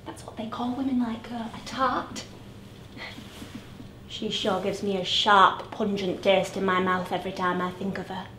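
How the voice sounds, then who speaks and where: A woman's voice: mid-range voice, steady tone, fairly bright tone, a little hiss or hum, natural voice. A woman playing a lonely grown woman, a drunk, who keeps repeating herself in a stage monologue. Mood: wistful. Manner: halting, repeats her words. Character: lonely grown woman, a drunk, waiting for her late dad. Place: theatre stage. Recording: roomy theatre heard from a distance.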